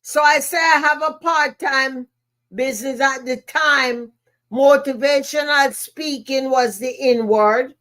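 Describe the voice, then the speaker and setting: A woman's voice: high voice, fairly even intonation, takes it slowly, fairly bright tone. A woman with a Jamaican accent, a podcast host and motivational speaker telling a personal story in an emphatic way, repeating key phrases.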